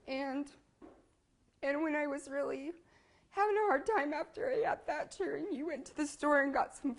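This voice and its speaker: A woman leaving a chatty, rambling birthday message for an old friend, with little laughs. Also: high voice. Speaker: family friend. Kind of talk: personal video message.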